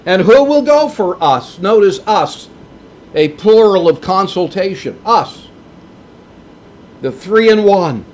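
A man preaching a sermon in a slow, emphatic way, with big swings in pitch for emphasis. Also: lively intonation, a little mellow, slight background noise.

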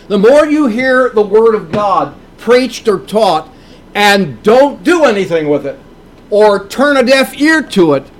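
A man preaching a sermon in a slow, emphatic way, with big swings in pitch for emphasis.

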